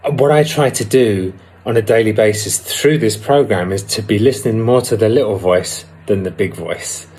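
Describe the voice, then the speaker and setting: Husky-voiced man talking candidly. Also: on the low side, darkish tone. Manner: candid and reflective, with some hesitations. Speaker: recovery vlogger. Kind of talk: personal talk on a twelve-step program.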